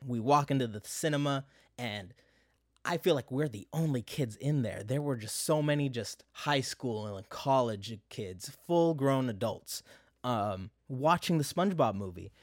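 A man's voice: medium pitch, expressive, unhurried, no room sound, clean studio sound. A young adult man talking casually and nostalgically to camera, full of asides. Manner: conversational, many fillers and asides. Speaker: vlogger.

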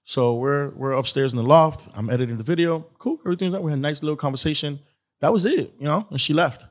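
A man's voice: on the high side, fast talker. A man guest on an interview show, telling a long casual story with lots of filler and acted-out quotes. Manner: rambling, animated, acts out quotes. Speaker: guest, skit creator.

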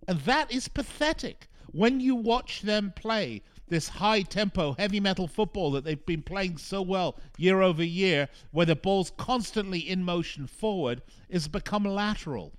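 A man's voice: sits high, expressive, a little slow, few pauses, smooth. A male soccer radio host giving a frustrated, emphatic talk monologue, repeating phrases for punch. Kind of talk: opinionated sports talk monologue.

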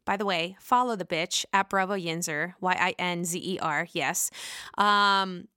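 A woman with a Pittsburgh accent hosting a casual gossip show about reality TV, excitable, gushing and swearing freely. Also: fairly low pitch, unhurried, smooth, no room sound, studio quality. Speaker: host.

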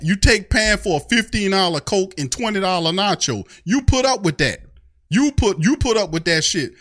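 A man's voice: high voice, bright, forceful tone. A man hosting a fan show, ranting in an angry, profane way. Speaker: sports fan show host. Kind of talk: heated fan rant.

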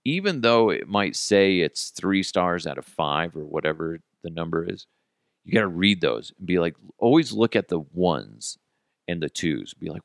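A man tells stories in a casual, animated way, swearing freely and laughing between lines. His voice sits low with a gravelly edge and swings widely in pitch. The sound is close and dry, with no room around it. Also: normal speed, no room sound. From Colorado, United States. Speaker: podcast host. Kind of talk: casual storytelling.

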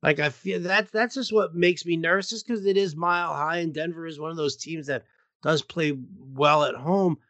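Bright, dry-voiced man talking football bets. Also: fairly high pitch, moderate pace, no echo. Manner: loose, hesitant, frequent restarts and fillers. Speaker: sports betting podcast host. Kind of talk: casual sports betting chat.

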